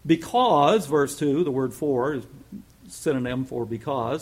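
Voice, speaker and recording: A man preaching a sermon in an earnest manner, rising to emphatic peaks and dropping to soft asides. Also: mid-range voice, moderate pace, husky. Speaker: pastor.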